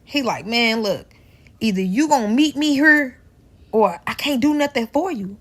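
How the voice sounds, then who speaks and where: A woman's voice: fairly high pitch, moderate pace. A woman with a St. telling a casual, profane storytime, acting out the people in it. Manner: animated, profane, acts out quoted dialogue.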